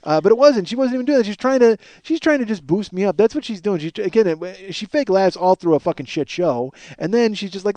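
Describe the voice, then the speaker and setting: A man's voice: high voice, expressive, fast talker, hardly any pauses, a little mellow, no echo. A man hosting his own podcast, rambling and mocking himself, tired and yawning, swearing a lot. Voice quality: profane, self-mocking, frequent restarts and yawns. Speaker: podcast host. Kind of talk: rambling self-deprecating podcast monologue.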